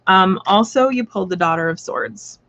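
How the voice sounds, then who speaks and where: A woman's voice: medium pitch, normal speed, fairly bright tone. A woman hosting a live tarot reading stream, talking in a chatty, rambling way with lots of fillers, blunt and playful. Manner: blunt and playful, swears casually.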